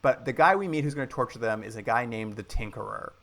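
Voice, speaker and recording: Man, mid-pitched voice, casual podcast chat, animated movie recap. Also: quick pace. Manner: animated retelling, acts out quoted lines. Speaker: podcast co-host.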